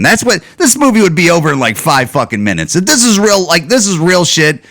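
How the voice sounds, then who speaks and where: A man hosting his own podcast, ranting casually and sarcastically with plenty of swearing and loud, higher outbursts when he gets worked up. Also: very animated, a little fast, hardly any pauses. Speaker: podcast host. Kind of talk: casual solo podcast rant.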